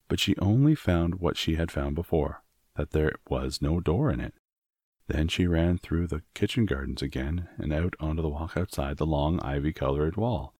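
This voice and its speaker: A man narrating a storybook in a measured, expressive reading. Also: rumbling low, no echo, studio quality. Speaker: audiobook narrator.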